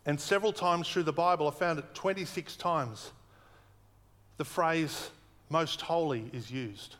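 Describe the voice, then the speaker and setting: A man preaching a sermon earnestly, slowing down and repeating words for emphasis. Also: a little high, fairly bright tone, long reverb tail. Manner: earnest, emphatic repetition, slows for weight.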